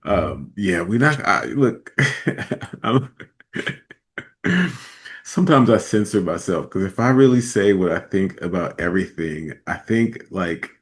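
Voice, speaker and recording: Man, very low voice, podcast host, laid-back, casual commentary, chuckling asides. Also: lively intonation, unhurried.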